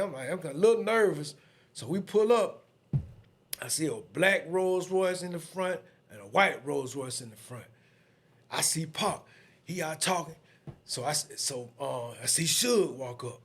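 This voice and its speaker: Husky Southern man telling a story. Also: on the high side, a little slow. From Atlanta, USA. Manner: lively storyteller acting out others' voices. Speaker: podcast guest. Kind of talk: casual storytelling.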